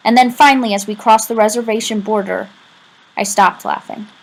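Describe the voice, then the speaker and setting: A woman's voice: on the high side, steady tone, fairly quick, low-quality recording. A woman reading a first-person audiobook, telling the story expressively and voicing emotional quoted lines. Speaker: audiobook narrator.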